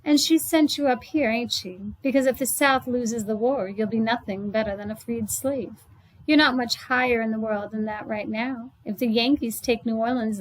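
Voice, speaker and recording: A woman's voice: a little high, close to an everyday voice, poor audio. A woman reading aloud as a sneering, snapping landlady. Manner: loud, snapping, sneering drawl. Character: sharp-tongued scornful woman landlady, Irish. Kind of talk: read-aloud storybook.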